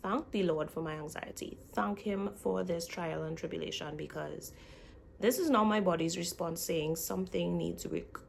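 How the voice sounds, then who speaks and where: A woman's voice: on the low side, normal speed, gravelly, slight background noise. A young woman vlogging in a casual, chatty way, speaking straight to her viewers. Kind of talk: casual chat.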